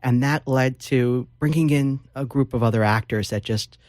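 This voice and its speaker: A man at a middle pitch, talking as a guest author in a casual interview. He tells stories with animation and a lot of fillers. The room is dry and close. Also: moderate pace, a little mellow, no echo.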